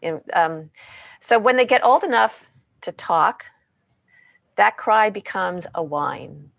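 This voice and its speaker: Lively woman explaining parenting ideas. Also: mid-range voice, slow pace, vocal fry, no echo, dull audio. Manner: animated, peppered with "you know" and "right?". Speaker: parenting book author, podcast guest. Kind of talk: casual explanatory chat.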